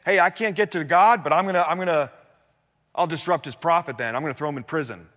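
A man's voice: a little high, fast, fairly bright tone, big-room sound, pitched above the performer's own voice, natural voice. A man preaching, acting out an angry, proud old king who blusters indignantly with a raised voice.

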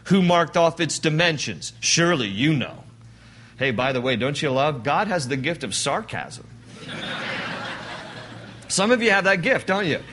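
Bright-voiced man preaching a sermon. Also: on the high side, expressive, normal speed, pauses often. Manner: conversational, joking, acts out quoted lines. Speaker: pastor.

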